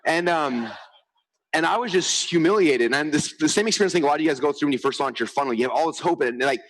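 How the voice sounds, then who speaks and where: A man giving an energetic stage presentation to a live crowd, talking fast and acting out what people say. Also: on the high side, poor audio. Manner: fast, excitable, acts out quotes. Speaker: speaker on stage. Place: large event stage.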